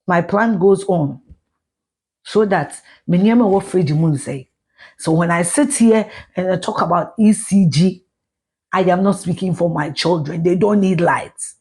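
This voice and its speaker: A middle-aged Ghanaian woman with a Ghanaian accent, ranting loudly and profanely in a live video, slipping into Twi. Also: on the low side, slightly rough. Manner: loud, profane, mixes in Twi. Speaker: social media personality.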